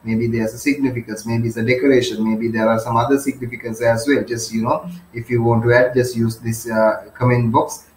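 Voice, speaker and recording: A man's voice: mid-range voice, flat delivery, fairly quick, hardly any pauses, slight background noise. A man with a Sri Lankan accent and Sinhala as his first language, tutoring a novel passage with strings of synonyms and constant tag questions. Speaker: English literature tutor. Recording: roomy echo.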